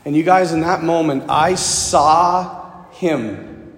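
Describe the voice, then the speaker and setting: High-voiced priest telling a story in an echoing church. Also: male voice, slow. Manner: personal storytelling, asks the congregation questions directly. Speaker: Catholic priest. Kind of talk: sermon. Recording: echoey hall with long reverb.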